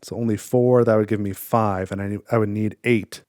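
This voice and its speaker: A man's voice: lowish voice, steady tone, normal speed, darkish tone, no room sound, clean studio sound. A man casually talking through a solo board game, thinking aloud and counting his cards. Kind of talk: casual playthrough commentary.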